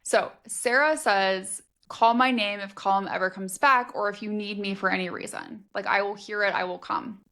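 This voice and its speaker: A woman's voice: mid-range voice, fairly even intonation, moderate pace, few pauses, a bit bright. A woman co-hosting a book podcast, recapping the plot in casual chat with quoted asides. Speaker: podcast co-host.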